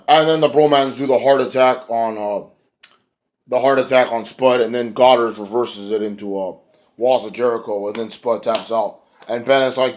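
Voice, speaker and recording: A man's voice: medium pitch, fairly even intonation, normal speed. Rambling, profane man recapping wrestling. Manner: rambling and profane, acts out quotes. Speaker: wrestling show reviewer. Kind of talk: casual recap rant.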